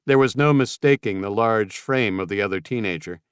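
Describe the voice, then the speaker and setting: A man narrating a post-apocalyptic audiobook in a measured, even storytelling manner. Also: lowish voice, clear, resonant tone, no room sound, clean studio sound. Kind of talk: scripted narration.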